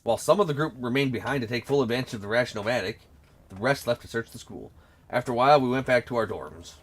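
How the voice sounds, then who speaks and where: Fast-talking male game streamer. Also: mid-range voice. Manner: quick, casual reading of narration and dialogue. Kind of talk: reading a visual novel aloud.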